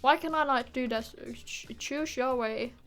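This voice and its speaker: A woman's voice: sits high, measured pace, fairly bright tone, faint music behind. A young woman from Denmark, giving exasperated, swearing commentary while she streams a game. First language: Danish. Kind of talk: live gameplay commentary.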